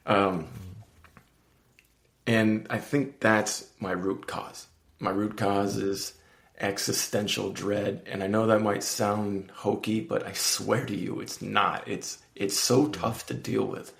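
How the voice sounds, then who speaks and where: Earnest gravelly-voiced man in an echoey room. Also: lowish voice, a little slow. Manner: earnest, animated, acts out his inner voice in raised tones. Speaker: podcast guest. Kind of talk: candid conversational interview.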